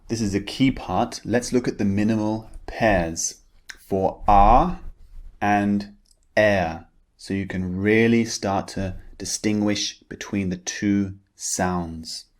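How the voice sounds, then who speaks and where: Slow, deep-voiced British English teacher. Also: male voice. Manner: deliberate, modeling words for learners to repeat. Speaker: pronunciation teacher. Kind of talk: scripted pronunciation lesson.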